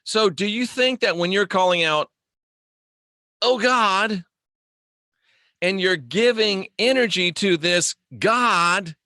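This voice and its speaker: A man's voice: high-pitched, a little slow, hardly any pauses, bright, forceful tone, no echo, clean studio sound. A man hosting a casual livestream monologue, rambling and joking as he answers viewer comments. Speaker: host.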